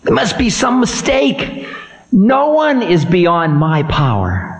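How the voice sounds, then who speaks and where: A shrill, high male spirit of Time, voiced by a man, hurling warnings in a strained, shouting voice. His lines swing widely in pitch, drawn out slowly, and they ring through an echoey room. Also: wildly swooping pitch, heavily acted. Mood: indignant.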